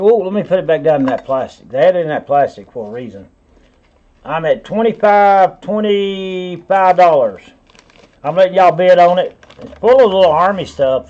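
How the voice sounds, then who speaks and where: A man's voice: a little high, darkish tone, highs cut off. A man hosting a live online auction, calling bids over and over with folksy asides. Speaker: auctioneer and host.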